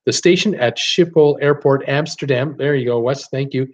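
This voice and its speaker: A man's voice: medium pitch, moderate pace. A man hosting a casual live-stream trivia quiz, reading out viewers' guesses with lots of ums and uhs and chuckling at his own jokes.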